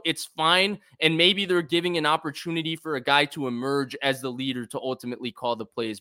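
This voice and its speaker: A man's voice: fairly high pitch, pushed and bright. A man co-hosting a sports talk show, laying out his arguments point by point in an analytical way. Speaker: co-host, football analyst.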